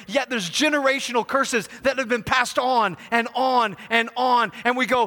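A man preaching a sermon, swinging from hushed to loud and emphatic, joking with the congregation. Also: extremely high pitch, normal speed. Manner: jokes with the congregation. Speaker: pastor. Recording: long hall reverb.

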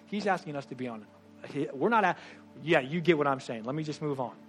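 A man preaching a sermon, animated and conversational, swinging between loud bursts and hushed asides, with quick rushed remarks. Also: on the high side, soft background music. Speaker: pastor.

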